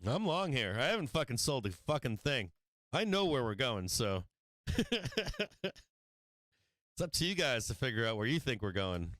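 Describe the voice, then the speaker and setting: A man hosting a live stock trading stream, chatting casually, swearing freely and laughing often, sometimes getting loud and excited. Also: mid-range voice, measured pace, long pauses, no echo. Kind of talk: casual profane trading commentary.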